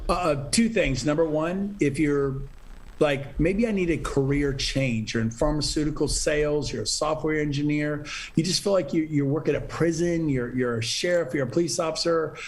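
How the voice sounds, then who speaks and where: A man's voice: on the high side, moderate pace. A middle-aged man speaking as a podcast guest, talking with urgent, motivational energy. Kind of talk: animated interview talk.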